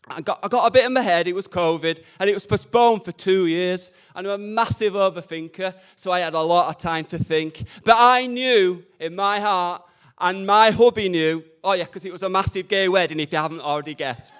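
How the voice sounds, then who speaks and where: A man's voice: high-pitched, brisk, a bit bright, smooth. A young man, doing cheeky, camp, self-deprecating stand-up at an open mic night. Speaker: stand-up comedian. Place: community radio open mic event.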